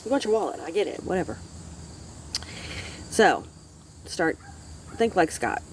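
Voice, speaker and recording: A woman's voice: lowish voice, sing-song, a little slow, a little hiss or hum. Rambling, chatty middle-aged woman. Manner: chatty, swears freely, self-interrupting. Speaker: vlogger. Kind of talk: rambling casual storytelling to camera.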